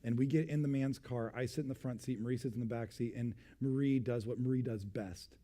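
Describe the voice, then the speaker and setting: A man's voice: medium pitch, a little fast. A man in his twenties, a pastor, telling a personal story in a sermon and acting out the voices of the people in it. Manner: animated storyteller, acting out voices, drops to a hushed tone for suspense.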